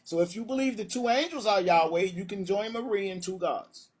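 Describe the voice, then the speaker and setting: A man's voice: high voice, fairly quick, a little hiss or hum. A man hosting a live-streamed religious debate, brash and taunting, calling challengers up and laughing at his own points. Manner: brash and taunting, calls people up.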